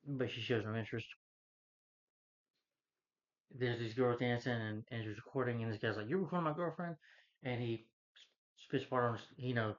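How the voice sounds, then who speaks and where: A man giving a casual, rambling plot recap as a movie reviewer, with many restarts and "you know" fillers. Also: mid-range voice. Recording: dull lo-fi recording.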